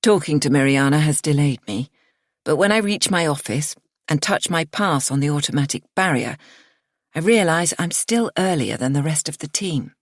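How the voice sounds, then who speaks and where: A woman narrating a first-person thriller audiobook in a measured, expressive storytelling manner. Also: deep voice, dry recording, clean studio sound.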